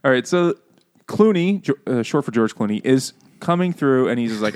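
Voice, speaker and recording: Mid-pitched male podcast co-host, joking and profane, slips into goofy voices while recapping a book. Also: lively intonation, normal speed, darkish tone. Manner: joking, swearing, acts out silly character voices. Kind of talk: casual book-club chat.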